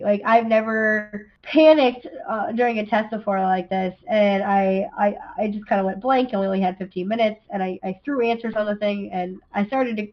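A young woman co-hosting a podcast, telling a rambling story with restarts and frequent laughter. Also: mid-range voice. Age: young adult. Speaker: podcast co-host. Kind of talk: casual chat. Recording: dull lo-fi sound.

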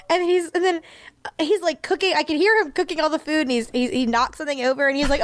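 A woman's voice: high voice, quick pace. A young woman co-hosting a podcast, telling stories in casual chat and acting out the voices of the people in them. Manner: animated storyteller, acts out voices of people in her stories. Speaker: podcast co-host.

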